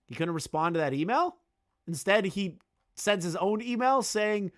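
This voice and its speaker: Animated, sarcastic male commentator. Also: a little high, normal speed. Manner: sarcastic, mocking, swears a lot; filler-heavy, repeats words when restarting. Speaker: commentary YouTuber. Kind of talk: reaction commentary.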